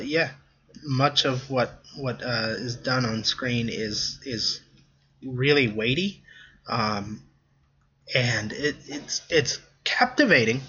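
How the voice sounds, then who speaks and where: A man's voice: mid-range voice, pushed and bright, slightly rough, lo-fi sound. A man co-hosting a casual film review podcast, talking in a chatty, hesitant way with many ums and restarts. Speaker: podcast co-host.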